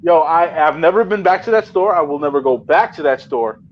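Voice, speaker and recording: A man's voice: fairly high pitch, a little fast, a little hiss or hum. A man telling stories in a casual podcast chat, swearing and getting worked up. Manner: profane, excitable storyteller. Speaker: wrestling promotion owner. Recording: dull lo-fi audio.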